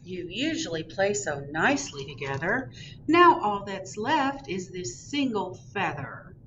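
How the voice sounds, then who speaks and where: A woman who is a children's librarian, reading a picture book aloud in an animated, sing-song way for a virtual storytime. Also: medium pitch, measured pace. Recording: distant, dull recording with loud background hiss.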